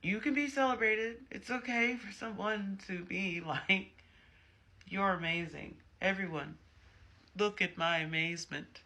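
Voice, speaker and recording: A man's voice: high voice, fairly even intonation, measured pace, sharp tone. A man giving a casual tarot reading, chatty and emphatic, with frequent personal asides. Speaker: tarot reader.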